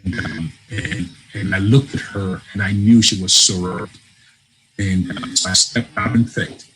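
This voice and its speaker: A man from Africa, a guest on an interview, telling a personal story in a lively way, acting out voices and laughing often. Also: deep voice, unhurried, poor audio. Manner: animated storyteller, laughs often, acts out dialogue. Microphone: remote call.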